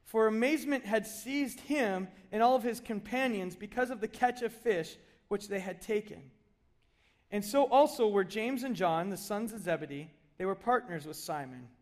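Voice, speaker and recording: A man with a bright, high-pitched voice gives a relaxed sermon that feels like storytelling. He is middle-aged and animated, often slipping into playful acted asides as he talks. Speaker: pastor.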